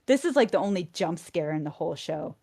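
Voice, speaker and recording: A woman casually recapping episodes of a show to friends, animated and full of fillers. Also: on the low side, fairly quick, creaky, breathy edge. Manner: chatty, animated retelling with many fillers. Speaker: presenter of a podcast recap. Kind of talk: casual chat.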